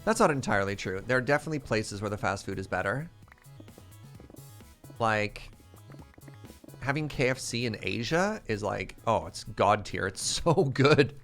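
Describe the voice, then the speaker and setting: A man's voice: on the low side, expressive, normal speed, long pauses, a bit bright, faint music behind. Chatty man streaming a game. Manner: chatty, answers chat questions, laughs often, tells anecdotes. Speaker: streamer playing a modded block-building game. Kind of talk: casual live-stream chat while gaming.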